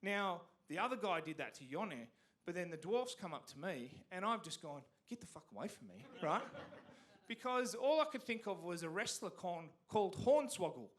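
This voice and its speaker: A man's voice: high-pitched, lively intonation, moderate pace. An Australian man telling a rambling, profane stand-up comedy story on a theatre stage.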